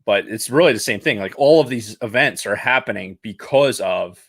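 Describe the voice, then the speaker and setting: A man co-hosts a podcast in relaxed casual chat, his voice sitting a bit low. The sound is dry and close, and he rambles, restarts and swears along the way. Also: creaky, no echo. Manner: rambling, profane, halting restarts. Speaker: podcast co-host.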